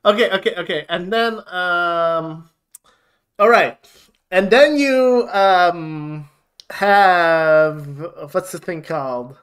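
Slow, halting man chatting on a podcast. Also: sits high, a bit bright, smooth. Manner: halting, many fillers and restarts, laughs often. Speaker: podcast co-host. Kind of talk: casual chat.

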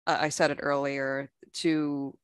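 A man speaks slowly and deliberately as a podcast host, offering his final thoughts on a book. He pauses often on "um" and restarts his sentences as he works out what to say. The voice is close and dry, with no room echo. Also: a little high, flat delivery, fairly bright tone, smooth. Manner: measured, thoughtful, with many "um"s and restarts. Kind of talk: reflective book discussion.

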